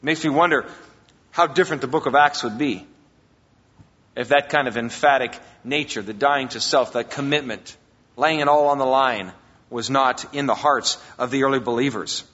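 A man preaching a sermon as a pastor, emphatic, swinging between loud and quiet. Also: mid-range voice, normal speed. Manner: emphatic preaching, rises and drops in volume. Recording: long hall reverb, dull lo-fi sound.

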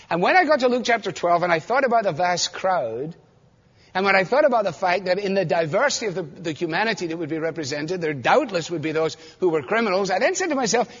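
High-voiced man preaching in a reverberant hall. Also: a bit bright, husky. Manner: expository preaching, rhetorical questions, rising to fervent emphasis. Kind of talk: sermon. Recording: dull muffled sound in a reverberant hall.

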